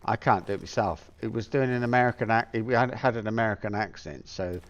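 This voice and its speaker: A middle-aged man from Plymouth talks to himself while he plays. His low voice wanders from thought to thought with plenty of ums and trailing half-sentences. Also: quick pace, highs cut off. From Plymouth, England. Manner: rambling, musing aloud with many fillers. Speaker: gameplay streamer. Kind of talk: casual gameplay commentary.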